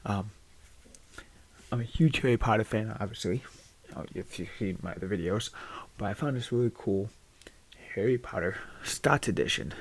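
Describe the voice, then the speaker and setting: A man chatting casually to his YouTube audience in a soft-spoken, rambling, self-deprecating way. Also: lowish voice, moderate pace. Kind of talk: casual vlog chat.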